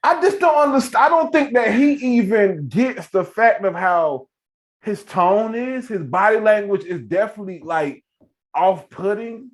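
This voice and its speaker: A man co-hosts a sports podcast over a video call, chatting casually but in a heated, emphatic manner and repeating phrases. His high-pitched, expressive voice moves at a moderate pace.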